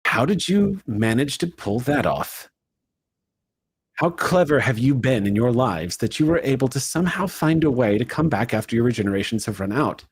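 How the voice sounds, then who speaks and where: A man's voice: medium pitch, lively intonation, normal speed, slightly rough. A man as game master, giving dramatic second-person narration for a tabletop role-play, shifting his pace from swift to drawn out.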